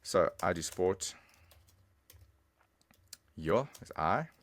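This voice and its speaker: A man's voice: low voice, lively intonation, drawn-out words, dry recording. A man giving a casual, chatty online language lesson, talking straight to the viewer. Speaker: language teacher.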